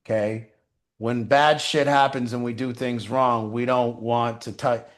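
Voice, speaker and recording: A man giving casual recovery advice, animated and profane, with many fillers. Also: mid-range voice, measured pace. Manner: animated, swearing, frequent "you know". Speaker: recovery mentor.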